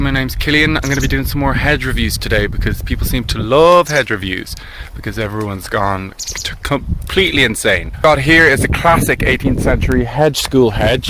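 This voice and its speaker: A man talks in a deadpan, mock-expert tone, like a serious reviewer. He is outdoors with a phone, and road noise and ambience hiss clearly behind him. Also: medium pitch. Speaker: comedy creator. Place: outdoors by a hedge. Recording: noisy outdoor phone clip.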